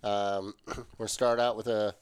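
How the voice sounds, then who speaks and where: A man's voice: lowish voice, flat delivery, moderate pace, clean tone, no echo. A man hosting a casual sports podcast, trading easygoing, joking banter with his brother. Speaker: podcast host.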